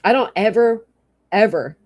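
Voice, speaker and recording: A woman's voice: medium pitch, lively intonation, a little slow, a little mellow. A woman ranting angrily on her livestream, swearing often and stopping to thank people in her chat. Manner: angry, profane, exasperated; reads and thanks chat commenters. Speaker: YouTube livestreamer. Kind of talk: livestream rant.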